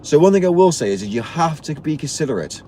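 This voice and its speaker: Guy ranting on his live stream, fairly high voice that jumps all over, blunt and sweary, faint car hum behind. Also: big pitch swings, fast talker, dark tone. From Britain. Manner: blunt, preachy, swears, repeats himself.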